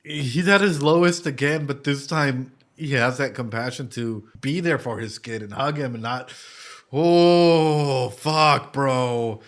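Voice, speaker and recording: A young man, a psychologist, giving casual, animated reaction commentary from his streaming room, swearing freely. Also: medium pitch, slow. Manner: animated, swearing, emotional, laughs and nearly cries.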